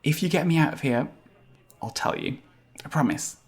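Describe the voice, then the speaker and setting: A man voicing a tiny, cute talking space hamster that dodges questions in a cheeky, squeaky way. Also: very animated, normal speed. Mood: wheedling.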